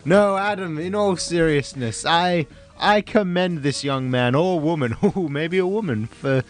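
A man co-hosting a comedy radio show. His voice sits notably high and his delivery is pompous and mock-serious. Faint music plays underneath. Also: a little slow. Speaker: radio co-host.

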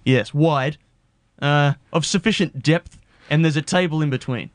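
A man's voice: on the high side, measured pace, dry recording. Australian man, playful mock-indignant rant. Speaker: radio co-host. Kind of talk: casual radio banter.

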